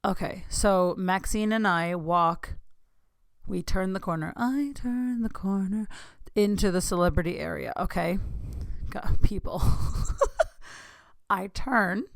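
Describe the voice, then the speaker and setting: A woman in her thirties hosting a podcast, telling a story in an excitable, gushing way that keeps interrupting itself. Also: medium pitch, gravelly, dry recording, studio quality. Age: 30s. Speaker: podcast host. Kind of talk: casual storytelling.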